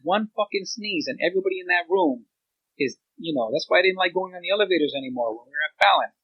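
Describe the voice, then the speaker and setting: A man's voice: high voice, lively intonation, fast talker, breathy edge, dry recording, lo-fi sound. A man guesting on a podcast, chatting casually and giving earnest opinions. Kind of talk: casual chat.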